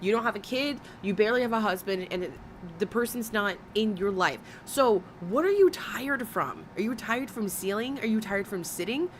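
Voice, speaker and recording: A woman's voice: medium pitch, expressive, normal speed, a little hiss or hum. Woman reaction host, snarky and blunt, rants with profanity, mid-range voice. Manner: sarcastic, blunt, profane ranting. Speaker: reaction commentator. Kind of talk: reaction commentary.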